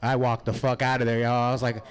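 A man's voice: medium pitch, monotone, fast talker, smooth. A man doing a stand-up comedy set, crude and self-deprecating, laughing at his own jokes. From San Francisco.

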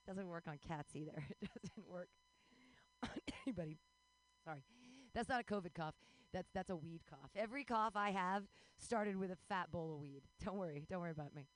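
A woman's voice: fairly low pitch, brisk, rough recording. A woman in her forties doing a bawdy, self-mocking stand-up set, breaking into squealing voices. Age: 40s. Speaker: stand-up comedian.

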